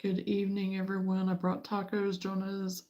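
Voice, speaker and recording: A woman's voice: mid-range voice, monotone, moderate pace, warm tone, muffled recording, a little hiss or hum. A woman hosting a casual crochet livestream, chatting with viewers in an exasperated but easygoing way.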